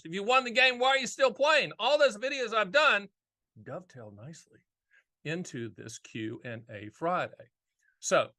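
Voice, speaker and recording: Middle-aged Southern male host, folksy and punchy, fairly high voice, dry close recording. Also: sharp tone, dry recording. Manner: folksy and emphatic, with rhetorical questions. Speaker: annuity agent and show host. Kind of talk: casual solo video talk.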